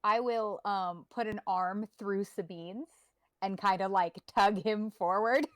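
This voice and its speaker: A woman playing a tabletop game, describing her character's actions in a relaxed, chatty way. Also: medium pitch, takes it slowly, dry recording, studio quality. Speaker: player. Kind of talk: casual tabletop role-play.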